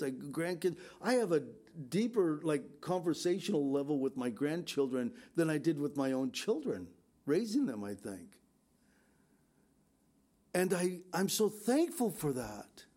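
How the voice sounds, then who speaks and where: Older man, pastor, slightly high voice, earnest and pleading conversational sermon. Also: darkish tone. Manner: earnest, exhorting.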